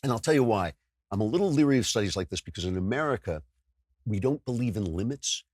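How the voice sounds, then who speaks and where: A man's voice: fairly low pitch, animated, quick pace, a little mellow, husky, no room sound, clean studio sound. A man hosting a political talk show, delivering a sardonic, self-mocking monologue with frequent stumbles and restarts. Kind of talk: podcast monologue with ad read.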